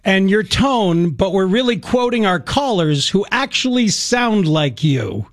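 A man hosting sports radio talk, animated with stammering restarts. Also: high-pitched, measured pace.

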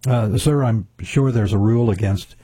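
A man's voice: fairly low pitch, normal speed, mellow, breathy edge, dry recording. A radio host voicing a nervous new night security guard phoning his boss, stammering and politely flustered.

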